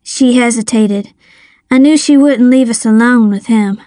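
A woman narrating a story in the first person, measured and dramatic. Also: on the high side, warm tone, no room sound, studio quality. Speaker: audiobook narrator.

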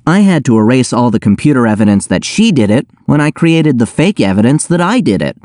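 A man's voice: medium pitch, sing-song, a little fast, a little mellow, dry recording, clean studio sound, natural voice. A man reading aloud, voicing a cheerful, smug teenage boy genius in a breezy, matter-of-fact way.

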